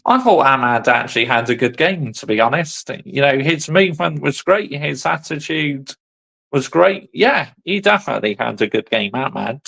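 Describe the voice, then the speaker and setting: A man's voice: medium pitch, expressive, normal speed, creaky, fairly bright tone, low-quality recording. A man hosting a football channel, chatting casually in short asides as he reacts to a fan's video. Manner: laid-back, chatty, answering the clip in short asides.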